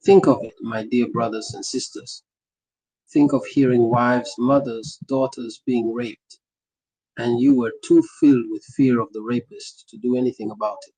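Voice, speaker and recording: Husky-voiced guy reading a memoir like he's preaching, fiery repeated lines, dry close sound. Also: medium pitch, animated, moderate pace, warm tone, dry recording, low-quality recording. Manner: impassioned, rhythmic oratory with repeated phrases. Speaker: narrator. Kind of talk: first-person memoir narration with preached speeches.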